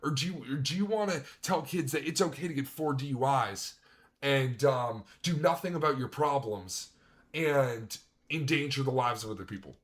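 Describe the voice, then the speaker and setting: A man's voice: medium pitch, moderate pace. A man streaming a reaction, ranting angrily and swearing as he comments on a video. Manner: angry, profane ranting.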